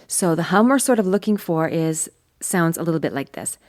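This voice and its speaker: Low-voiced woman voice coach. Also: expressive, normal speed, darkish tone. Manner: demonstrates hums between explanations. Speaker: voice teacher. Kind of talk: vocal coaching lesson.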